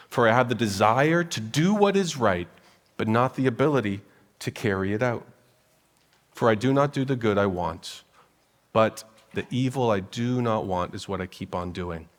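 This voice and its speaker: A young man delivers a sermon in a sanctuary with a long, lingering reverb, his voice sitting at an ordinary middle pitch. He preaches emphatically, stacking up rhythmic lists and pushing his emphasis higher as he goes. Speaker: pastor. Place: church sanctuary.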